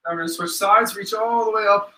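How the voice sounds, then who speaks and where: A man's voice: sits high, quick pace, sharp tone, reverberant, distant mic, rough recording. A young man leading a live-streamed home workout as a fitness instructor, counting reps aloud and joking between sets.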